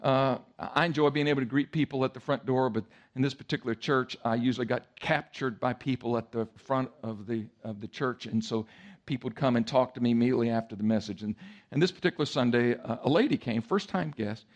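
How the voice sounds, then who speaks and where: A male pastor preaching a sermon, telling a story in a lively way and acting out voices and sounds. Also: mid-range voice, brisk.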